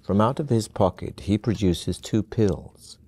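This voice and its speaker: A man narrating a fantasy video game in scripted second person, in a calm, measured storytelling manner. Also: fairly low pitch.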